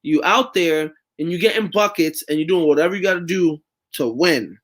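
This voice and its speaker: Guy rambling about sports on his show, loose and profane, kinda high voice. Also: normal speed, fairly bright tone. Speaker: podcast host. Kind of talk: casual sports talk.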